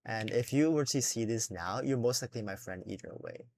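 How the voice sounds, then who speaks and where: A young man talks to himself as he draws, rambling with a steady stream of fillers and swear words. His pitch sits in an ordinary middle range, and he sounds a little self-conscious about his own voice. Faint keyboard typing can be heard behind him. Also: brisk, vocal fry, a little hiss or hum. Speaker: drawing vlogger. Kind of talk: casual unscripted talk while drawing.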